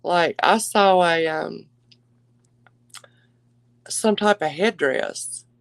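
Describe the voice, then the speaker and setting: A woman's voice: lowish voice, extremely slow, creaky, no room sound, poor audio. A woman hosting a live jewelry auction stream, chatty and gushing, calling her viewers darling and y'all. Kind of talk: casual live-stream selling chat.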